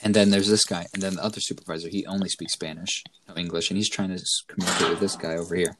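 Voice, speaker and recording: A man in casual chat, telling animated stories about coworkers and acting out their lines. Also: low-pitched, rapid-fire, slight background noise. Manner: animated storyteller, acts out coworkers' voices. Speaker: co-host telling work stories.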